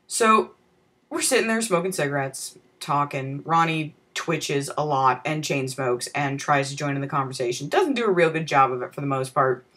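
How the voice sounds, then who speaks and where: A woman vlogger telling a comic personal story in a wry, profane manner with deadpan asides. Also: deep voice, normal speed.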